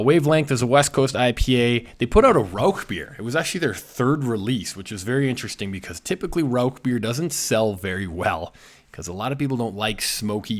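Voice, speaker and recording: A man chatting casually about breweries, rambling with lots of fillers. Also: medium pitch. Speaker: beer reviewer. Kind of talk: casual chat.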